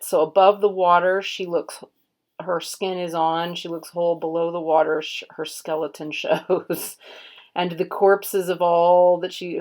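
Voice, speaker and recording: A woman unboxing a card deck, murmuring card names in a soft, unhurried way and admiring the artwork. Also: fairly low pitch. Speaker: tarot reader and channel host. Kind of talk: casual unboxing commentary.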